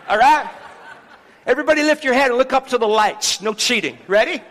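A man's voice: very high-pitched, lively intonation, fairly quick. A man preaching a sermon as pastor in a church, rallying the congregation to repeat a verse aloud. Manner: leads the congregation in loud call-and-response. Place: church sanctuary. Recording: long hall reverb.

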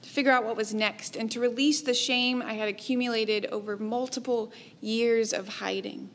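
A woman preaching a sermon in a measured, reflective way, letting her phrases trail off softly. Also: a little high, steady tone, slight background noise. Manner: slow, measured, reflective delivery with soft trailing endings.

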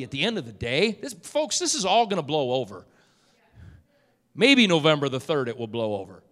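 A male pastor preaching a sermon in church, swinging from loud, emphatic lines to quiet, conversational asides. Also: fairly high pitch, wildly swooping pitch, normal speed, in a large hall. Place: church sanctuary.

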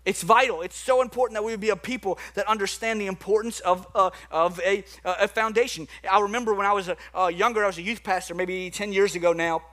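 A high, bright male voice preaching with lively swings between loud bursts and quieter, lower stretches. He is a pastor in his thirties, telling stories and acting out the voices in them. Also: fast talker, few pauses. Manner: animated preaching with acted-out dialogue and asides. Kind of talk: sermon.

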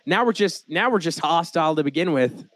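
A man's voice: on the high side, lively intonation, brisk, a bit bright. A young American man hosting a casual podcast, joking around and laughing often. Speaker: podcast host.

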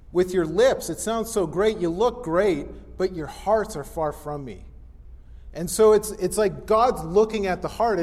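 Male pastor with a high voice, casual and animated, in a reverberant room. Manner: conversational, animated, acts out Bible characters. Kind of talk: casual teaching sermon.

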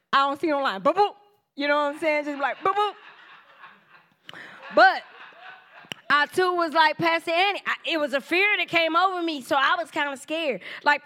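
A woman in her forties giving a casual testimony sermon, telling animated stories, acting out quoted voices, laughing often and speaking straight to the congregation. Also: high voice. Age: 40s. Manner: informal church talk, addresses the congregation directly.

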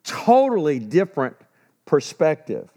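Man, sermon, high voice, casual animated retelling. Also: measured pace. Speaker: preacher.

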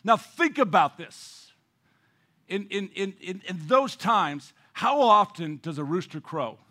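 Slow and high-voiced with lively intonation, a man preaches as pastor, alternating loud emphasis with hushed, near-whispered passages and often repeating words as he restarts a phrase.

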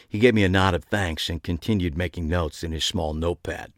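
A man's voice: low voice, a little fast, dry recording. A man who co-hosts a podcast, reading a first-person story aloud with dry, wry delivery. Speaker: podcast co-host and story reader.

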